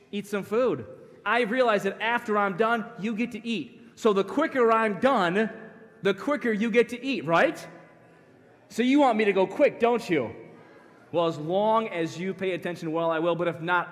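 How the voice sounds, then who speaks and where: A man in his thirties preaching at a youth conference, an animated, joking storyteller who talks straight to the crowd. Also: high-pitched. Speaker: pastor. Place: church sanctuary. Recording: long hall reverb.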